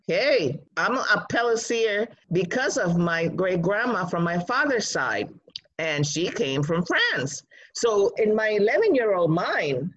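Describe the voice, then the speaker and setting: A woman from Rico, telling a personal story in an animated, emphatic way. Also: medium pitch, breathy edge, lo-fi sound. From Puerto Rico.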